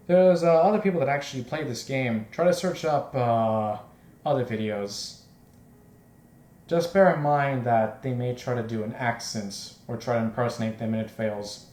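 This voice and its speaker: A man's voice: mid-range voice, darkish tone. Man chatting over a game in an echoey room. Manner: chatty, rambling asides. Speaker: let's play host. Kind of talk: casual game commentary and reading. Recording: echoey room with faint noise.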